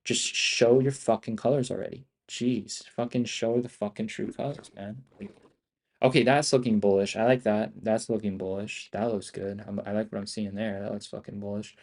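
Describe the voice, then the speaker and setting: Frustrated swearing young man, mellow voice. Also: on the low side, steady tone, normal speed, vocal fry. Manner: frustrated, heavy swearing, repeats "bro" and "dude". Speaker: day trader streaming live trades. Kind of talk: live trading commentary.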